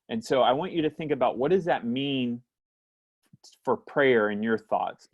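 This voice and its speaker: A man's voice: medium pitch, muffled recording. A man teaching a church Bible study class over a video call, reading scripture aloud and explaining it reflectively.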